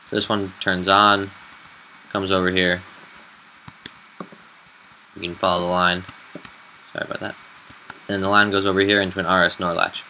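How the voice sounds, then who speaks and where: A man who admins a game server, walking through a build in a casual tutorial, relaxed and halting with fillers. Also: low voice, a little hiss or hum, rough recording.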